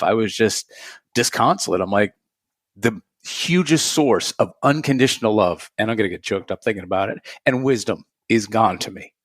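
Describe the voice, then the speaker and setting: An earnest, reflective man with a slightly low voice, a meditation teacher talking as a guest on a podcast. He laughs easily between thoughts. The sound is dry and close, with no room around it. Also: no room sound. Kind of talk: conversational podcast interview.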